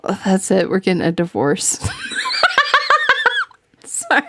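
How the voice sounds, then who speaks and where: A woman's voice: on the low side, big pitch swings, takes it slowly, heavy background noise. A woman hosting a podcast in casual chat, giggling often and rambling as she talks. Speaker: podcast host.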